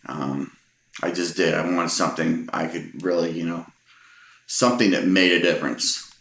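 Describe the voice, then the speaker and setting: With vocal fry and a slightly bright, low-pitched voice, a middle-aged man from Texas recounts personal anecdotes at a moderate pace and with fairly even intonation. The recording has room echo, and he rambles hesitantly, often saying um and starting over.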